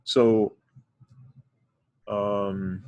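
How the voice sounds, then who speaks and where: A man's voice: fairly low pitch, level tone, extremely slow, no room sound, muffled recording. A man teaching a chemistry lesson, explaining methodically step by step with occasional fillers. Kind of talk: recorded classroom lecture.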